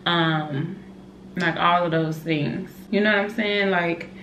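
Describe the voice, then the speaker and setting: A young woman and mother chatting excitedly to her camera at home, calling her viewers y'all. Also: lowish voice, slow pace, muffled recording. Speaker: vlogger, mother of an infant. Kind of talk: casual vlog chat to camera. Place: at home, indoors. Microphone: camera set up nearby, moved during talk. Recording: roomy home room with faint background noise.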